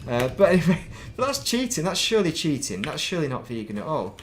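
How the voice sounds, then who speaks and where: A man's voice: a little high, sing-song, quick pace, a little hiss or hum. A middle-aged man from England, chatting casually and rambling while streaming a space game, self-mocking and chatty. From northern England.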